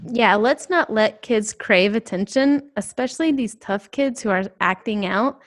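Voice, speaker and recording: A woman's voice: fairly high pitch, a little slow. A woman co-hosting a podcast for teachers, stressing and repeating the key points. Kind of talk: conversational podcast advice.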